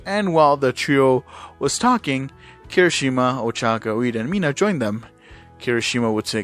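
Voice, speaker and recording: A man reads a fan-made story aloud at an easy, even pitch, now and then tripping over a word or adding a filler. Soft music plays quietly behind him. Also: normal speed. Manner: casual, with small slips and fillers. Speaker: channel host reading fan fiction. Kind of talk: casual reading of fan fiction.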